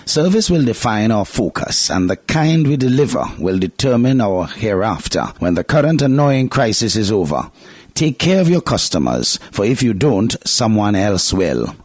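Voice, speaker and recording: A man's voice: mid-range voice, big pitch swings, normal speed, darkish tone, dry recording. A man with a Grenadian accent hosting a program, delivering scripted commentary with a wry, lightly sarcastic edge. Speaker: host.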